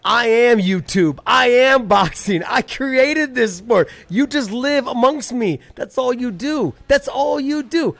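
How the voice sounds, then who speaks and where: A man doing an impression of a brash, cocky male fighter with an Irish accent, taunting slowly and boastfully. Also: extremely high pitch, expressive, creaky, a bit bright, dry recording, pitched above the performer's own voice, exaggerated voice. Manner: boastful, taunting, drawn-out words.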